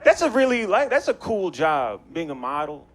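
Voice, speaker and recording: A man's voice: high voice, big pitch swings, moderate pace. Young man, stand-up comedian, slangy crowd banter, bouncy delivery, noisy live bar. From Maryland, USA. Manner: loose, chatty delivery with slang and audience banter. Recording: live bar set with noticeable background noise.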